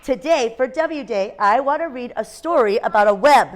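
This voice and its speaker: A woman's voice: high-pitched, animated, normal speed, a little hiss or hum. A woman teacher in a classroom, reading a picture book aloud to young children, asking them questions and making animal sounds. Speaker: kindergarten teacher.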